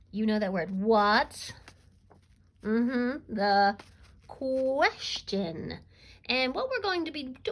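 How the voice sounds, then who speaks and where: A woman teacher giving a recorded reading lesson to young children, encouraging them to answer aloud and pausing on "um" fillers. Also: mid-range voice, poor audio. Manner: coaxing and encouraging, asks pupils to answer aloud; frequent um fillers while explaining.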